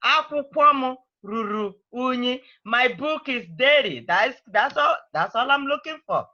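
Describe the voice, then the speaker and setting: Bright, high-voiced teacher woman. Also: expressive, measured pace, lo-fi sound. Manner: prodding, patient, repeats phrases. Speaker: language teacher. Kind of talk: online class teaching.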